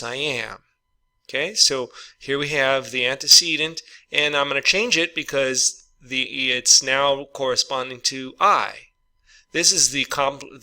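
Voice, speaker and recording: A man's voice: medium pitch, bright, forceful tone, low-quality recording. A man teaching an English lesson for Spanish speakers, patient and encouraging, saying each vocabulary word twice for learners to repeat.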